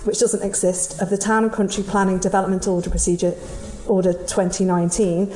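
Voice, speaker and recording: A woman puts a formal, pressing question in parliament. Her tone is mellow. The room has a roomy echo. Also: medium pitch, flat delivery, a little fast. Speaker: member of parliament asking a question.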